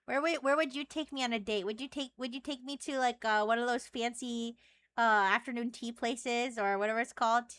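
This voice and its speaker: A woman's voice: fairly high pitch, steady tone, fairly quick, a bit bright. A woman streamer teasing and chatting playfully with an AI voice on a live stream. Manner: playful, teasing, flirty questions.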